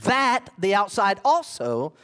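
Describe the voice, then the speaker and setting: A man's voice: high-pitched, wildly swooping pitch, slow pace, fairly bright tone, clear, resonant tone, faint music behind. A man preaching a sermon as a pastor, in a conversational way with emphatic bursts and asides.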